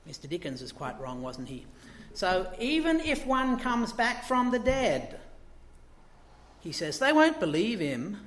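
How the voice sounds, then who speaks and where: A man's voice: high-pitched, wildly swooping pitch, measured pace, fairly bright tone, roomy sound, a little hiss or hum. A man preaching a sermon in a conversational way, asking the congregation rhetorical questions and acting out quotes.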